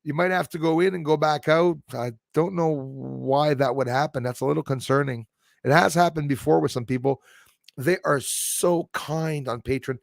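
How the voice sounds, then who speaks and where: A man with a gravelly, creaky voice rambles through a casual livestream, answering viewer comments and joking as he goes. His voice is dry and close, with no room sound around it. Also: on the high side, fairly even intonation, moderate pace, no room sound. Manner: rambling, jokey, chuckles often.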